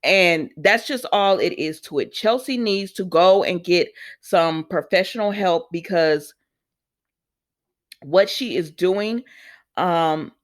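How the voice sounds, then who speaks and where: A woman's voice: fairly low pitch, takes it slowly. A woman casually recapping a soap opera episode, acting out the characters' lines as she goes. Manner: animated, acts out characters' lines. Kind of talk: casual recap with acted quotes.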